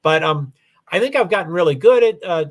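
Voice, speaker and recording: A man with a faint Kentucky accent talks his way through a casual livestream, addressing viewers at his desk. His voice sits a little high for a man, and he rambles, trailing off and restarting as he goes. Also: lively intonation, brisk. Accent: faint Kentucky Southern. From Louisville, Kentucky, USA. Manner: rambling, hesitant, many restarts and asides. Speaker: livestream host. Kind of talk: casual solo livestream chat.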